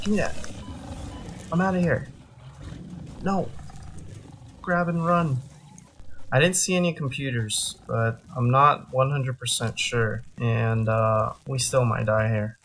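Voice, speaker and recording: A man talking through his own game session at an unhurried, drawn-out pace, mid-pitched and ordinary in tone. He reacts dramatically, swears freely and mocks his own panic. A faint hum of noise sits behind him. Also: vocal fry, a bit bright. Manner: self-deprecating, jokey panic. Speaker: gaming channel host. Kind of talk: live gameplay commentary.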